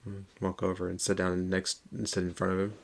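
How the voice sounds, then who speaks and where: A man's voice: deep voice, monotone, brisk, creaky, slight background noise. A man playing a tabletop game, casually describing what his character does. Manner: casual, thinking aloud about his character. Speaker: player.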